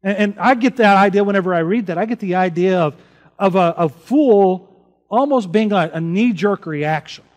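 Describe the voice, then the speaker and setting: In a church sanctuary with a big-room sound, a high-pitched man preaches a sermon as pastor at a moderate pace. He's earnest and conversational, posing rhetorical questions to the congregation.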